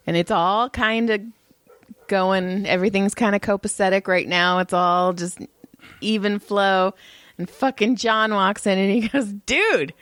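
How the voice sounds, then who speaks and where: A woman's voice: medium pitch, dry recording. A woman co-hosting a podcast in casual chat, telling stories animatedly and swearing freely. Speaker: podcast co-host.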